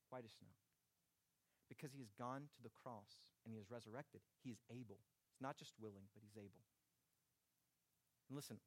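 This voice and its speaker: Male pastor, mid pitch, dry close sound, urgent sermon delivery. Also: no echo. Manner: urgent preaching, dropping soft then rising to emphatic.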